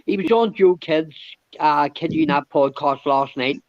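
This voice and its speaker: Male livestream host, high-pitched, ranting and profane, dry muffled sound. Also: a little slow, no room sound. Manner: ranting, heavy swearing, repeats "it's me". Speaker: show host. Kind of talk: casual livestream banter.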